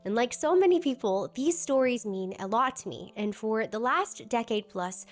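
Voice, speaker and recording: Woman with a bit of a cold, higher voice, sarcastic scripted commentary, faint music under it. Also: animated, moderate pace. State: sick, slightly hoarse. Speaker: video essayist.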